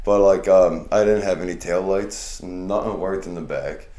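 A man with a very deep voice telling a story among friends. He talks in a relaxed, slangy way, trailing through fillers as he goes. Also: normal speed. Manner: laid-back slangy storytelling. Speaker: podcast co-host. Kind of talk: casual chat among friends.

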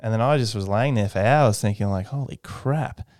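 A young man, a guest in a casual interview, telling his story with animation and jumping into a high voice to mimic people he quotes. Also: fast, darkish tone, clean tone, no room sound, clean studio sound. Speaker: aerospace engineer guest.

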